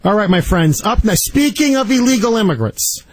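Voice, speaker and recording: A man hosting a talk radio show, telling stories in an animated, indignant way and taking calls. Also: sits high, normal speed, no echo. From Canada. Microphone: studio microphone.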